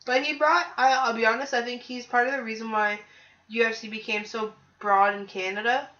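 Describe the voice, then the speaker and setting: A woman co-hosting a casual podcast, chatty and quick to laugh. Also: a little high, fairly even intonation, sharp tone. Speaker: podcast co-host. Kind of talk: casual chat. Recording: echoey lo-fi room audio.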